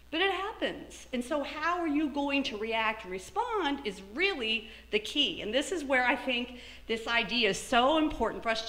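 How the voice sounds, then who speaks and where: A middle-aged woman giving a motivational talk as keynote speaker, animated, acting out her own thoughts in lively asides. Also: high voice, reverberant. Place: lecture hall.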